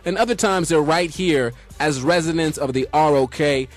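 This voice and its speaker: An upbeat man with a fairly high voice, hosting a radio talk show from a studio booth. He guides the conversation with clear, steady questions. Faint music plays beneath him. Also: moderate pace. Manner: upbeat, steers the interview with questions.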